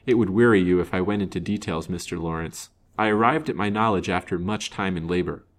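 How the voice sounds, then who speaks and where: A man's voice: sits low, brisk, slight background noise, natural voice. A man reading aloud and voicing a frank, confident male detective. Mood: earnest. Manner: frank, assured, earnest. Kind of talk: storybook reading.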